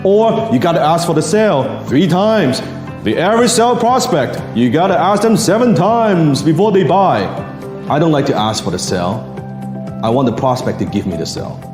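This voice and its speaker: A fairly high-voiced man talks through a sales lesson in a very animated way, his pitch leaping around as he acts out customers and parents. He sounds like he is in an echoey room, with music playing clearly underneath. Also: moderate pace. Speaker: sales coach. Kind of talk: motivational talk.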